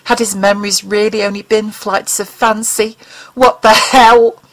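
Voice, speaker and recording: A woman narrating an audiobook in an expressive, dramatic reading style. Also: mid-range voice, normal speed, poor audio.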